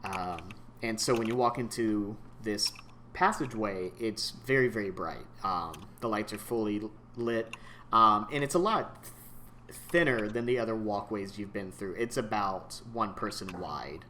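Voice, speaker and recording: A man narrating a tabletop game as game master, in a laid-back, halting way with lots of ums. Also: fairly low pitch, expressive, bright, forceful tone, slight background noise.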